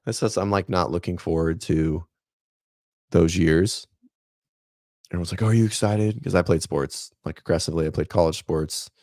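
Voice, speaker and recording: A man's voice: sits low, little pitch movement, moderate pace, long pauses, darkish tone, no echo, clean studio sound. A man in his thirties, a fitness coach and host, chatting casually on a livestream in a rambling, laid-back way and talking to viewers by name.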